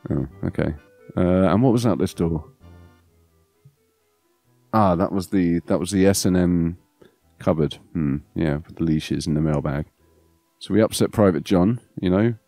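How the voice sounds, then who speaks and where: A man's voice: low voice, measured pace, creaky, pauses often, dark tone, no echo, faint music behind. A man hosting a let's play, chatting playfully and thinking aloud as he goes. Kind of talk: casual gameplay commentary.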